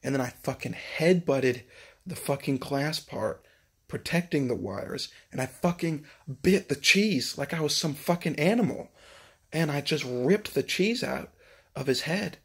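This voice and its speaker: A man's voice: fairly high pitch, animated, a little slow, fairly bright tone, breathy edge. A man casually recounting a story in a rambling monologue, swearing constantly and leaning on filler words. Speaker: vlogger recounting a dream.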